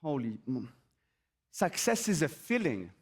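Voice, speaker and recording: A man gives an energetic motivational talk on an event stage, repeating his points and firing rhetorical questions at the audience. His voice sits high, and its pitch swoops in a lively way. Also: unhurried, breathy edge. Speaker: motivational speaker.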